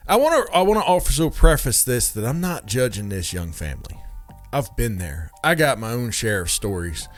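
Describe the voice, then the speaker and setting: A man's voice: mid-range voice, sing-song, moderate pace, soft background music. A man telling a comic anecdote in a chatty way, with wry, mock-outraged asides and constant "right?" check-ins. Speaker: comedic storyteller. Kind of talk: casual comedic anecdote.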